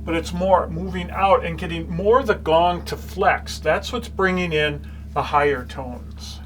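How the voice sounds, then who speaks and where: A man giving a calm, explanatory gong lesson, talking in short phrases between strokes. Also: a little high. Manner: calm, explanatory, with many pauses while playing. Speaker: gong teacher. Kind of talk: demonstration lesson.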